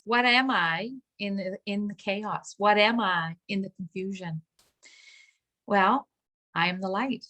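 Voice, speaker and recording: A woman minister giving a reflective spiritual talk, gentle and searching, with pauses and restarts. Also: mid-range voice.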